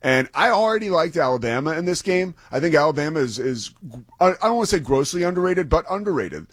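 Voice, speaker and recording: A man's voice: fairly high pitch, very animated, quick pace, breathy edge, no echo. A man who is a play-by-play broadcaster, co-hosting a sports talk show in an enthusiastic, rambling, self-deprecating way. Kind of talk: sports talk radio banter.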